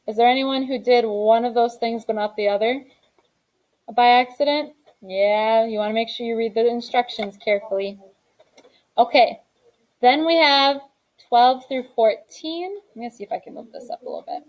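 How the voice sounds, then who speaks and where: A woman's voice: fairly high pitch, moderate pace, a little mellow, poor audio. A young adult woman teaching a grammar lesson in a classroom, reading each exercise aloud and then explaining the answer.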